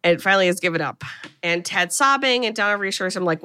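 Bright-voiced woman retelling a film plot. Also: mid-range voice, animated, brisk. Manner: chatty, swears casually, quotes characters with small voice shifts. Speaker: podcast co-host.

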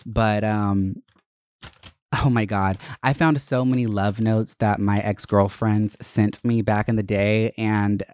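A man's voice: on the low side, darkish tone, no room sound. A young adult man hosting a podcast, telling stories in a casual, candid and profane way, with lots of fillers. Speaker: podcast host. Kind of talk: casual storytelling monologue.

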